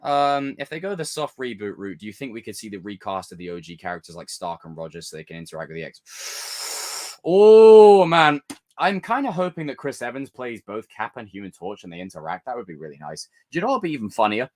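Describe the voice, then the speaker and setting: A man's voice: medium pitch, sing-song, fairly quick, a little mellow. A man hosts a live stream, reading out viewer chat in a loose, casual way. He gets theatrical when he rants, and his voice rises and falls over a wide range. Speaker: livestream host.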